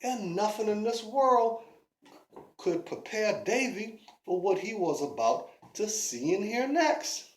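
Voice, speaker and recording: Slow playful woman storyteller. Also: medium pitch, big pitch swings. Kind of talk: storytelling narration. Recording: roomy echo.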